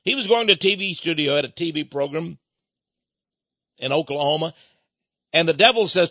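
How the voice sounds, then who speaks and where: A man preaching a sermon as a story, animated and chuckling between points, asking his listeners questions. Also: on the high side, normal speed, long pauses, dry recording, highs cut off.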